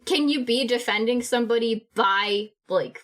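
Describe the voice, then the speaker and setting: A woman's voice: fairly high pitch, normal speed, a bit bright. A woman playing a tabletop role-playing game, talking casually with frequent laughs and fillers. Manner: giggly, hesitant, many fillers. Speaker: player. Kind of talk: tabletop role-play chat.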